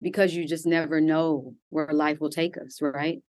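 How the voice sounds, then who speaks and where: Actress lady chatting in an interview, lowish voice, laughs a lot, dry close sound. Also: moderate pace, no echo. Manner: animated, laughs often, many "like" fillers. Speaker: actress guest. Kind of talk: casual interview answers.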